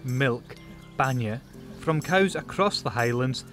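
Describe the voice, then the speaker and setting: A man's voice: medium pitch, lively intonation, takes it slowly, fairly bright tone. A young man presenting a Gaelic learning show, cracking puns in a playful, upbeat manner. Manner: punning, jokey, upbeat. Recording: music bed behind voice.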